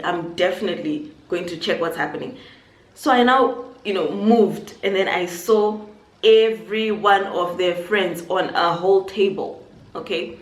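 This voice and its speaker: A young woman from Zimbabwe telling a personal story on her vlog, animated and acting out what people said. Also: mid-range voice. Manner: animated storytelling, acts out quotes. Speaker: YouTuber. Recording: echoey room, faint noise.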